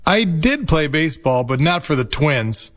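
A man's voice: fairly high pitch, sing-song, normal speed, a bit bright. A man in his fifties from Minnesota, reading a nostalgic personal story in a reflective manner. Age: 50s. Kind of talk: scripted personal narration.

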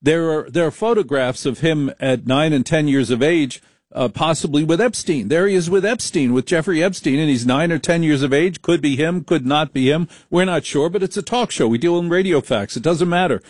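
A middle-aged man from the Northeast hosts a late-night call-in radio show in a fairly high voice. He talks bluntly and sarcastically and flares up quickly at callers. The studio sound is dry and close. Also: no echo.

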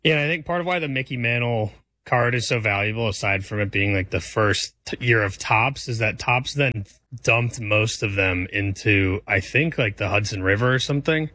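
Bright-voiced wry male co-host. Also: lowish voice, normal speed, no echo. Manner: relaxed, wry, hedging. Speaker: radio show co-host. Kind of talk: casual studio banter.

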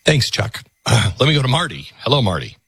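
A man's voice: mid-range voice, a little fast, breathy edge, dry recording. A man hosting a call-in radio talk show, taking callers and thinking aloud, often repeating words as he gathers his thoughts. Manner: animated, repeats words when reflecting.

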